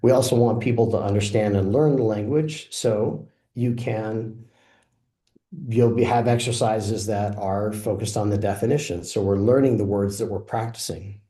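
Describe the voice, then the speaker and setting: A man with a fairly low voice talks through a product demo, relaxed and explanatory as he clicks through each feature. The sound carries a noticeable roomy echo. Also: normal speed. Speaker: software presenter.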